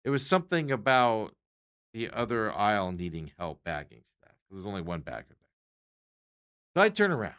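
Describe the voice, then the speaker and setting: This podcast host has a fairly low, clean-toned voice, talking at normal speed with long pauses. Casual and exasperated, he animatedly recounts an ordinary run-in and voices what the other people said.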